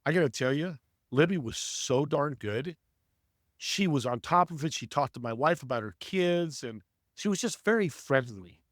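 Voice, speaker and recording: A man guest telling animated stories in an interview, acting out voices as he speaks. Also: fairly high pitch, moderate pace, no room sound, studio quality. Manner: animated, acts out voices in anecdotes. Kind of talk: storytelling interview talk.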